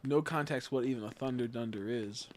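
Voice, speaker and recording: A young man chatting loosely over a game stream, his voice sitting at an ordinary middle pitch. He rambles, laughs at his own jokes and swears without care, with a faint hiss of noise underneath. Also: fairly quick. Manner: rambling, giggly, swears freely. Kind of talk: casual livestream chat while gaming.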